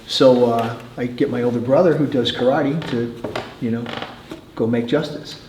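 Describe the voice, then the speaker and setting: A man's voice: mid-range voice, moderate pace, a little hiss or hum. Middle-aged new york guy telling wild stories, laughs a lot, roomy echo. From New York City. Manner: animated storyteller, laughs often. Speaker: martial arts coach. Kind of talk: casual storytelling chat. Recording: echoey room.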